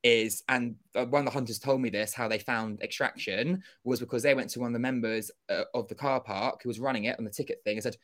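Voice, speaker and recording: A young man telling a story as an interview guest, animated and acting out quoted dialogue, with casual swearing. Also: mid-range voice, fast talker, hardly any pauses. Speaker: interview guest, former contestant.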